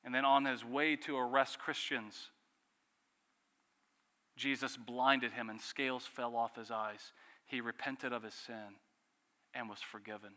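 A man with a bright, forceful voice preaches a sermon. He presses the listeners with rhetorical questions and lets key phrases fall quiet. A long reverb hangs behind him, as in a large hall. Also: mid-range voice, steady tone, measured pace, pauses often. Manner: earnest preaching with rhetorical questions and dramatic drops in volume. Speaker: pastor.

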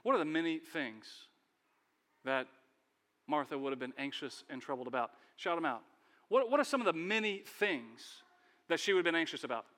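A man preaching a sermon, animated, acting out characters and calling on the congregation to respond. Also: a little high, normal speed, in a large hall.

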